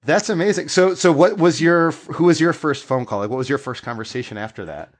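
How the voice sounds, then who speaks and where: A man hosting a podcast interview, relaxed and quick to laugh. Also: on the high side. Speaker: podcast host.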